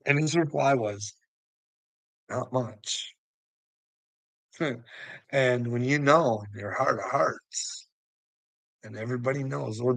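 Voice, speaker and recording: A man's voice: medium pitch, vocal fry, bright, forceful tone, dry recording, poor audio. A man rambling to viewers, laughing constantly, swearing and taunting someone.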